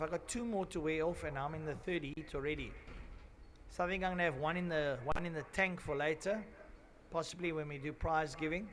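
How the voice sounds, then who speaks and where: At an outdoor race circuit, a man with a higher voice gives live trackside commentary, rambling and joking before switching to loud announcements for the grid. The recording carries a little hiss or hum.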